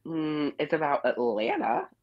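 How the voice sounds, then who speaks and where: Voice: mid-range voice, huge pitch swings, measured pace, dry recording. Blunt opinionated caller on a muffled line. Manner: blunt, opinionated, scolding tone toward cast members. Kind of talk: casual call-in opinion rant. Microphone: phone or online call-in.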